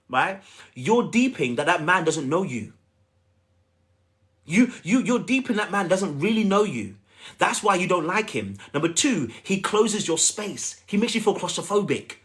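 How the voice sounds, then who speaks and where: Man, dating coach, lively swooping pitch, emphatic, chatty, repetitive. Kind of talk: livestream coaching talk.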